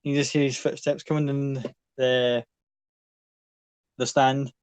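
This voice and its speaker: A man's voice: mid-range voice, level tone, takes it slowly, darkish tone, clear, resonant tone, dry recording. A man runs a tabletop game with loose, casual narration. He swears freely and keeps things moving. The sound is dry and close. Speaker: game master.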